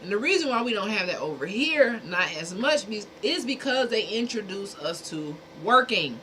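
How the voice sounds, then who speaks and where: A blunt woman, talking straight to her livestream chat in a loose, casual way. Her voice sits mid-range. A steady hiss of background noise runs under the voice. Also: medium pitch, normal speed, rough recording. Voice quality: speaking from a dentist's perspective. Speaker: livestream host.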